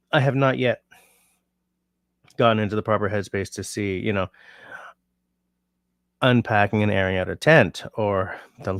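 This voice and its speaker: A tired man with a lowish, gravelly voice hosts a laid-back livestream, rambling between chat comments. His voice is recorded close and dry, with no room sound. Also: no room sound. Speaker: livestream host.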